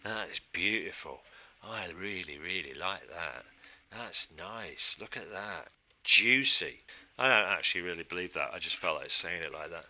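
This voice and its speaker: Male design instructor, chatty and self-talking, slightly low voice with a sharp, very bright edge. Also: normal speed. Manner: chatty, thinks aloud, asks and answers his own questions. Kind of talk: casual screen-recorded design tutorial. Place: studio.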